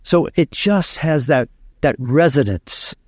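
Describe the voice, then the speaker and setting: A man being interviewed as a communication coach, explaining with animated storytelling and frequent fillers. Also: a little high, takes it slowly, dry recording, clean studio sound.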